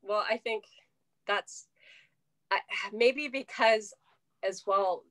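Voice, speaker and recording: A woman from California, a podcast guest, talking in a reflective, halting way with frequent restarts. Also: mid-range voice, fairly bright tone. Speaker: podcast guest, singer-songwriter. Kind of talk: casual interview chat.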